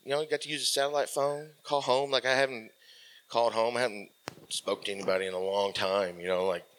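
A man in his forties, a military veteran guest, telling a casual rambling story full of fillers that often trails off softly. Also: mid-range voice, steady tone, fast.

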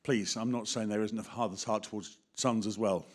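A middle-aged man with an English accent, preaching a sermon in a lively way, speaking straight to the congregation and acting out little voices. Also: fairly low pitch, a little fast. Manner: animated, acts out voices, talks directly to the congregation.

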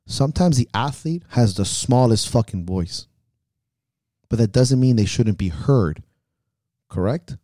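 A man's voice: medium pitch, lively intonation, unhurried, pauses often, dark tone, dry recording, clean studio sound. A man co-hosting a podcast, talking bluntly and with lots of swearing as he rants about running meets. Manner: blunt, profane, ranting. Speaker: podcast co-host, meet promoter. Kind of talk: casual chat.

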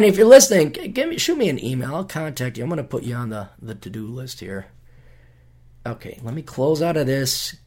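A man's voice: fairly high pitch, darkish tone. A man from Minnesota hosting his own podcast, talking casually in a sarcastic, ranting way and swearing freely. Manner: mocking voices when quoting people. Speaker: podcast host. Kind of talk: casual solo podcast monologue.

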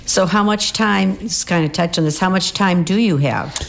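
A woman's voice: on the low side, normal speed, gravelly, slight background noise. A woman hosting an interview, asking her guest questions and rephrasing them as she goes. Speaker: interview host.

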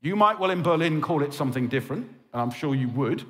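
Passionate preacher, pleading with his church in a fairly high, animated voice. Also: quick pace. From England. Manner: impassioned and pleading, with frequent "okay?" check-ins. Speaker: pastor. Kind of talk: sermon. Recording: reverberant hall.

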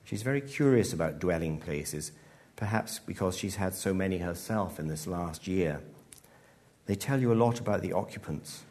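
A male author reads his own story aloud to a live audience. His voice sits low, and he tells the story in a measured, dry way. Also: expressive, a little mellow. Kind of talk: live literary reading. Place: live event hall.

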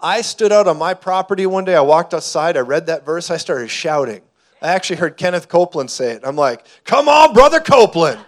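Male preacher, fervent sermon delivery with shouting peaks, mid-high voice. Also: fairly quick. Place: church hall before a congregation.

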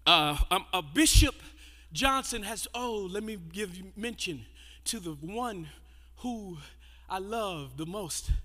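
A man preaching and praying in church, shouting and half-singing his phrases, often stammering and repeating words. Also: high-pitched, expressive, slow pace, hardly any pauses. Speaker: pastor. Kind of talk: fiery sermon and prayer.

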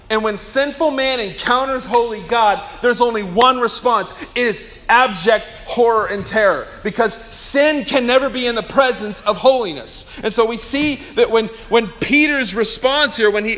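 Guy preaching sunday sermon, kinda high voice, super casual and animated, does little voices. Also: a little hiss or hum. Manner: animated storytelling, acts out voices of Jesus and fish; casual, conversational with restarts. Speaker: pastor.

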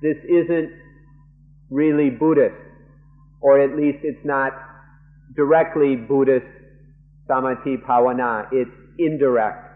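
On a muffled, narrow-sounding archival tape, a monk provides live interpretation of a dharma lecture. His voice sits at a middling pitch with fairly even intonation, and he speaks very slowly in measured, halting phrases marked by frequent pauses and restarts.

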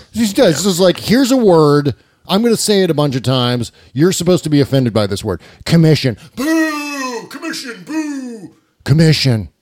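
Sarcastic male podcast co-host, animated delivery, dry studio mic. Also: fairly high pitch, normal speed, dry recording. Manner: sarcastic, mocking. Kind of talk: casual political podcast chat. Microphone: studio mic with headphones.

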